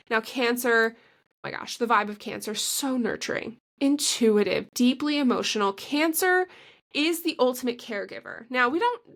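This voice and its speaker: A woman co-hosting a casual podcast, her voice sitting a bit higher than most. She gushes as she talks, packs her sentences with "like" and often breaks into a laugh mid-sentence. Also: a bit bright. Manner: chatty and gushing, heavy use of "like". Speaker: podcast co-host. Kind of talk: casual chat.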